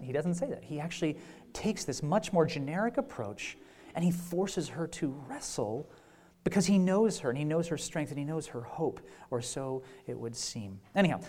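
A man's voice: a little high, darkish tone. A man giving a conversational sermon, informal and full of repeated words and "like"s, with wry, self-deprecating humor. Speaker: preacher.

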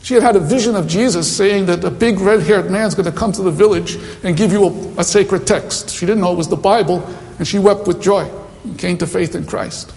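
A man preaches a sermon, moving between teaching and mission anecdotes with chatty asides. His voice sits high and carries a gravelly edge. The recording has the long reverb of a hall around him. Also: a little fast, a little mellow. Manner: anecdotal, conversational, many asides. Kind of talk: sermon with storytelling.

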